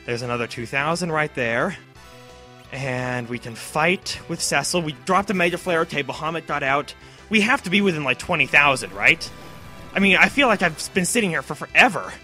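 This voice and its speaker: A man giving excited commentary over a video game playthrough, cheering at the big moments and talking to the characters. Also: on the high side, moderate pace, faint music behind. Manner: talks to himself and to the characters. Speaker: let's play host.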